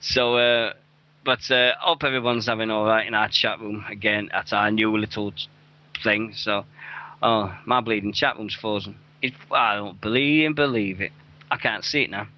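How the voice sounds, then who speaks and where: A man's voice: lowish voice, steady tone, normal speed. A young man hosting a wrestling radio show, rambling through event listings with plenty of swearing and self-mockery. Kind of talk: casual show chat. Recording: dull lo-fi dry recording.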